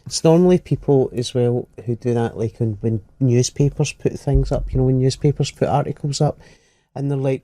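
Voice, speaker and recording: A man's voice: mid-range voice, steady tone, moderate pace, warm tone, dry recording. A Glaswegian man chatting on a comedy podcast, sweary and ranting as he mocks other people's voices. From Scotland. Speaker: comedian co-host. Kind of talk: casual comedy podcast chat.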